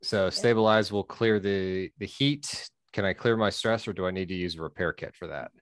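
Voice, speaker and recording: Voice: deep voice, moderate pace, no room sound. A player in a tabletop game, careful and asking about the rules. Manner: careful, asks rules questions. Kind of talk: casual tabletop play.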